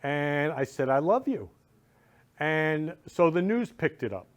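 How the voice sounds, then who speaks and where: A man's voice: a little high, big pitch swings, slow pace. Gushing, effusive male talk-show host. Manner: gushing, emotional, rambling. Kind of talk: casual chat.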